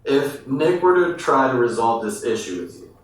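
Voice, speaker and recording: A man's voice: medium pitch, expressive, moderate pace. Man asking interview questions, echoey room. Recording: echoey room, mic far off.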